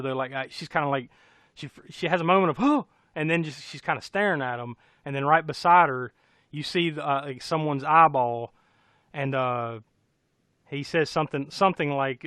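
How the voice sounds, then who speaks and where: A man's voice: fairly high pitch, normal speed, bright, forceful tone, no echo. An American man casually recapping a horror film on a podcast, rambling and laughing, with a profane storytelling manner. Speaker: podcast co-host.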